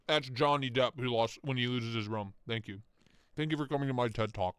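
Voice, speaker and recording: A man's voice: medium pitch, fairly quick, clear, resonant tone. A man hosting a casual live stream, joking and rambling as he talks, often breaking into laughter. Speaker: livestream host.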